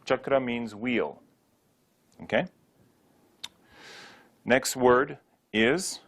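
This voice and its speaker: A man teaching a Sanskrit pronunciation lesson, drilling each word slowly and repeating it for listeners to copy, with light joking asides. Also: mid-range voice, expressive, fairly bright tone. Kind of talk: slow spoken pronunciation lesson.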